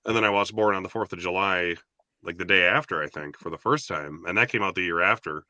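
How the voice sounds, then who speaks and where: A man hosting a casual livestream panel, upbeat and quick to laugh. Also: deep voice, bright, forceful tone, dry recording. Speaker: host.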